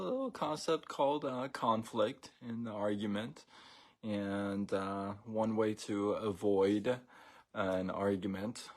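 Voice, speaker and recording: Man, live-stream host, low voice, slow, rambling, lots of fillers. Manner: relaxed, rambling, many fillers and restarts. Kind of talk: casual live-stream talk.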